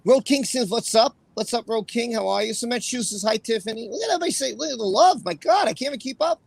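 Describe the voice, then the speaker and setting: A man hosting a livestream in casual chat, his voice pitched high with a gravelly fry running through it. He reads out viewers' names one after another, and he sounds emotional and apologetic. The sound is dry and close, with no room around it. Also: lively intonation, quick pace, no echo, rough recording. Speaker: livestream host.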